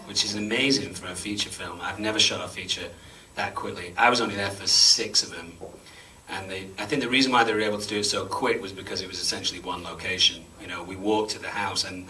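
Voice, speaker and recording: A very deep-voiced man in his thirties answers audience questions after a screening, chatty and self-deprecating. His tone is bright and forceful. He is caught on a distant mic in a cinema, with a faint hum underneath. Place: cinema auditorium before an audience.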